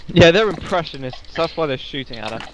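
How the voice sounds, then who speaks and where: Male gamer, high pitch, complaining and self-mocking, headset chat under loud gunfire. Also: animated, fast, very noisy. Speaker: co-op game player. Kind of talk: casual gaming chat.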